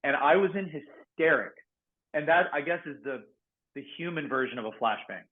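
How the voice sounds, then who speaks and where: Animated man on a phone-like line. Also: fairly high pitch, normal speed. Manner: animated storyteller, laughs often, acts out quotes loudly. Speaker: guest, former SWAT negotiator and security professional. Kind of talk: casual podcast storytelling. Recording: phone-like narrow band audio.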